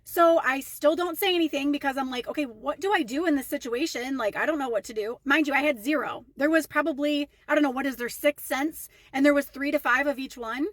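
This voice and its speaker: A woman's voice: sits high, fairly quick, few pauses, no room sound. A young woman telling a casual storytime rant to her followers, chatty and indignant. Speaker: storytime vlogger.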